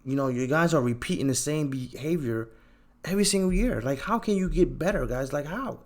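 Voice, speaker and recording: Animated, teasing male trading host. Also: a little high, fairly quick. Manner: animated and teasing, slangy, repeats himself for emphasis. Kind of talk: casual chart commentary to viewers.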